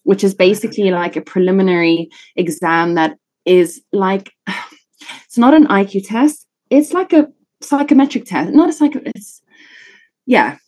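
A woman's voice: medium pitch, a little slow, darkish tone. A woman in her thirties with a British South African accent, a neuroscientist guest chatting casually in a podcast interview, laughing often and poking fun at herself. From born in Italy, raised in South Africa.

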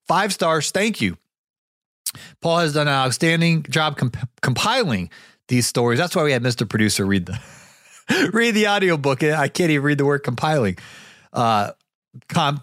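A man's voice: mid-range voice, a bit bright, dry recording, studio quality. Rambling man with a sore throat. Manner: rambling, many restarts and fillers. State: recovering from a sore throat, cough drop in mouth. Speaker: podcast host. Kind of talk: casual storytelling podcast. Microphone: podcast mic.

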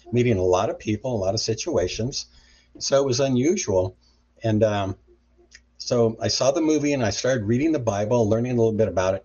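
A middle-aged man, a deliverance minister and guest, telling a story with lively acted-out quotes. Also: fairly low pitch, husky, muffled recording. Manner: animated retelling with acted-out quotes. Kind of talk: storytelling interview.

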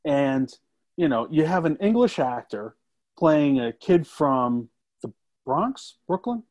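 A man's voice: fairly high pitch, sing-song, slow, a little mellow. A man, a film critic guest, talking emphatically in a casual review chat. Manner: emphatic, with filler-heavy restarts.

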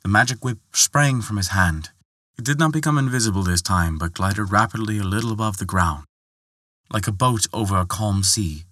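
A man narrating a folktale, reading in an expressive way and lifting his voice for the characters' lines. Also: moderate pace, dry recording, studio quality. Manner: expressive, lifts pitch for quoted characters. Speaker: storyteller.

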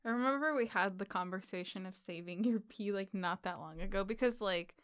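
A woman's voice: mid-range voice, fairly quick, clean tone. A woman chatting casually as a podcast guest, telling stories and acting out the voices of the people in them. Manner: animated storytelling, acting out dialogue.

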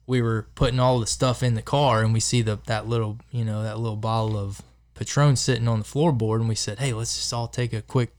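A man's voice: fairly low pitch, steady tone, brisk, hardly any pauses, darkish tone. A man on a podcast in a studio, telling an easygoing, chatty story to friends. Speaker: podcast guest. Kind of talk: casual storytelling among friends.

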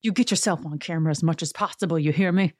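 A woman's voice: low-pitched, fast talker, darkish tone, dry recording, clean studio sound. A woman putting on the voice of a pushy stage mother who coaxes her daughter to perform. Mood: coaxing. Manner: coaxing, theatrical.

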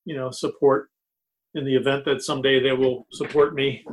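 A man who works in comics, talking casually and a bit haltingly on a podcast. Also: mid-range voice, little pitch movement, breathy edge, rough recording. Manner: chatty, halting with fillers and restarts. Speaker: comics creator and guest. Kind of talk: casual chat.

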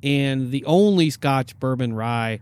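A man's voice: mid-range voice, animated, takes it slowly, darkish tone, clear, resonant tone. A man hosting a casual podcast and running a quiz, with upbeat, announcer-like cues. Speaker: podcast host and quizmaster. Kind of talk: casual chat.

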